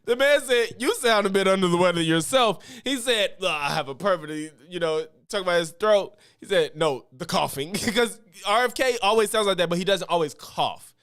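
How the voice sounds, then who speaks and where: High-voiced, profane ranting man. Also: normal speed, hardly any pauses, clean tone, no echo, studio quality. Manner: profane, animated ranting with laughs. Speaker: streamer reacting to news clips. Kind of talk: casual commentary stream.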